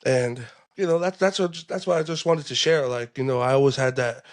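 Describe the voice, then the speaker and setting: A man's voice: medium pitch, a little fast. A young man hosting a podcast, talking in a laid-back way with lots of fillers and slang. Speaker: podcast host. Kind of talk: casual podcast chat.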